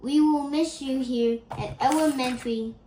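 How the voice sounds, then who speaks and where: A woman's voice: high voice, a little slow, dark tone, a little hiss or hum. A woman voicing a kindly, slightly bumbling male school principal in a children's storybook, in an echoey room. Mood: earnest.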